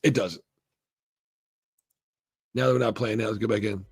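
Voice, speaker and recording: A man's voice: fairly low pitch, fairly even intonation, moderate pace, gravelly, breathy edge, no room sound. A man giving a loose, rambling, profane recap and review of a TV episode, acting out the characters' lines as he goes. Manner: rambling, swears a lot, acts out quoted lines. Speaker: show reviewer.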